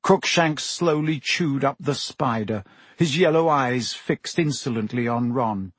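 Husky-voiced male audiobook narrator. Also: mid-range voice, a little slow, no echo. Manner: steady storytelling with character voices. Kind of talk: scripted narration.

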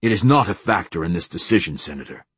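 A man voicing a cold, clipped fleet admiral who speaks in a flat, deadpan way. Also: low voice, quick pace, breathy edge, dry recording, exaggerated voice.

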